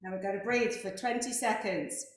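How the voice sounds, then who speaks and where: A woman coaches a group through breathing and laughter practice with an encouraging, step-by-step delivery. Her voice sits in a middle pitch. The video-call audio is strongly echoey, as if picked up in a bare, reverberant room. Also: fairly even intonation, moderate pace. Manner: encouraging, gives clear step-by-step cues. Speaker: laughter wellness facilitator. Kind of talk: guided group exercise instruction.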